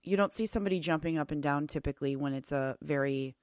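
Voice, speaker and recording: A woman hosting an interview, asking thoughtful, halting questions. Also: low voice, a little mellow, no room sound, studio quality. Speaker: podcast host. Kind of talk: conversational interview.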